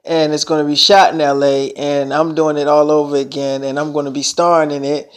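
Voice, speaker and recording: A man's voice: on the high side, level tone, brisk, clear, resonant tone. A man telling a long story in casual talk, rambling and swearing a lot, often saying "I'm like" and "she's like". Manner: rambling, heavy profanity, repeats "I'm like, she's like".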